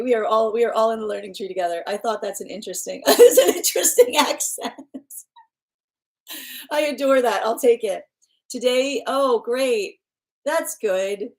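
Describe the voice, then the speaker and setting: Chatty laughing woman tarot streamer. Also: on the high side. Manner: chatty, laughs often, many restarts. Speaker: tarot reader and livestream host. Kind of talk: casual livestream chat with viewers.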